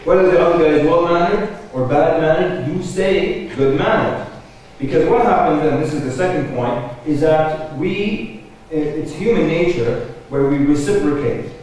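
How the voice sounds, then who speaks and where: A man delivers a religious lecture at a conference, mixing jokes into his points and checking in with the crowd as he goes. His voice sits a little high for a man. It comes across from far off, washed in heavy hall echo, with faint background noise. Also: a little mellow. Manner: joking, conversational, addresses audience directly. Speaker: conference speaker. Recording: echoey hall, picked up from far off.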